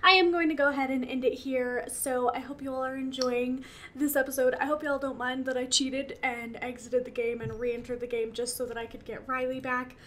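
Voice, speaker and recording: A woman's voice: high-pitched, steady tone, fairly quick, fairly bright tone, slight background noise. A young woman commenting on her game as she plays, emotional and laughing often, talking to her characters. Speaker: gaming channel host. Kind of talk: let's-play commentary.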